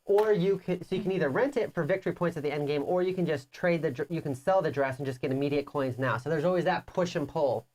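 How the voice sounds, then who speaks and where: A woman's voice: deep voice, fast, hardly any pauses, darkish tone. A woman co-hosting a live board game playthrough, teasing her opponent and explaining rules at length in casual chat. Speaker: board game show co-host.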